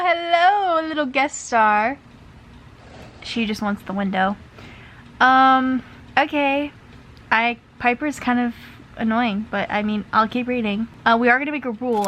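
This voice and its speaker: A woman's voice: fairly high pitch, normal speed, fairly bright tone, a little hiss or hum. A young woman vlogging casually from bed at home, chatting with lots of filler words like "like" and "um". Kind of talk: casual chat to camera.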